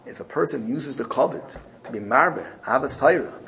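A man's voice: medium pitch, lively intonation, moderate pace, vocal fry, a bit bright, rough recording. A man giving a Torah lesson in sermon style, telling a story emphatically and often repeating his phrases. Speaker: Torah teacher.

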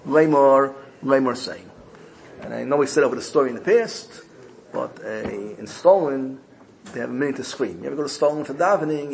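A man giving an animated Torah sermon, telling stories and using Hebrew and Yiddish terms. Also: on the high side, slight background noise. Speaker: rabbi teaching Torah. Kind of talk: sermon with storytelling.

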